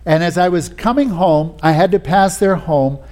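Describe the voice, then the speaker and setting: A man's voice: high voice, normal speed, darkish tone. A man preaching a sermon, telling personal stories in a folksy way with frequent restarts. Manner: folksy storytelling, many "you know"s and restarts.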